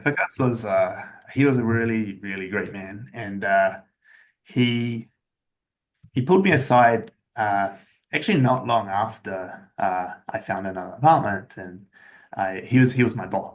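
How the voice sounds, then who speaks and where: A man speaks in a low-pitched voice as a podcast guest, telling his own story plainly and without drama. His delivery stays even-keeled and candid, with many casual fillers. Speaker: podcast guest, agency founder. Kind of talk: personal storytelling in an interview.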